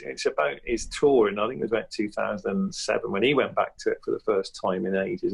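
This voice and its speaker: Husky low-voiced male comedian. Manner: reflective, chatty, with many restarts and asides. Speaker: comedian and impressionist guest. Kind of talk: podcast interview.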